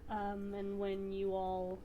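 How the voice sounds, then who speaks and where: A woman's voice: mid-range voice, monotone, slow, phone-quality sound, slight background noise. Woman game master, rambling, filler-heavy narration, tabletop game.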